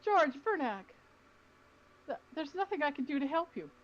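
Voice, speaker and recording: A woman voices a distraught young woman who is fleeing and barely holding herself together. The voice sits high and comes through a dull, lo-fi line. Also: very animated, moderate pace, slight background noise.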